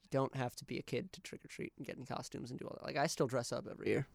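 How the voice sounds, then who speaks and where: Creaky-voiced young man rambling casually. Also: medium pitch, steady tone, rapid-fire, dry recording. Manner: rambling, lots of "like". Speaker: podcast co-host. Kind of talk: casual chat.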